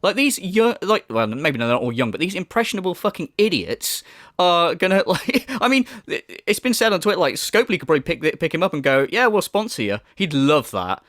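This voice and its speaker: A man's voice: fairly high pitch, big pitch swings, a little fast, a bit bright, no room sound, clean studio sound. Sarcastic man ranting in commentary. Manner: sarcastic, sweary, laughs at his subject. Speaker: commentary YouTuber.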